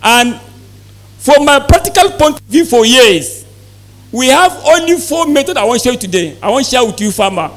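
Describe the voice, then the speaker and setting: A man's voice: very high-pitched, sing-song, moderate pace, fairly bright tone. A man gives a live presentation to poultry farmers, often asking the audience questions and repeating key points. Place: exhibition hall presentation.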